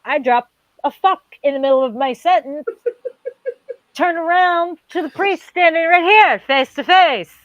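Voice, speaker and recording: A woman's voice: very high-pitched, measured pace, dry recording, lo-fi sound. A woman co-hosting a casual chat, telling a funny story with lots of swearing and acted-out voices. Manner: animated storyteller, swears freely, acts out voices. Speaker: co-host.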